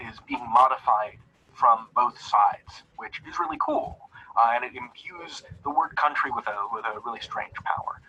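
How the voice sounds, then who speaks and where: A man's voice: mid-range voice, pushed and bright, slight background noise. A man teaching grammar in a recorded video lesson, enthusiastic and chatty, with casual fillers. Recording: lo-fi video played back.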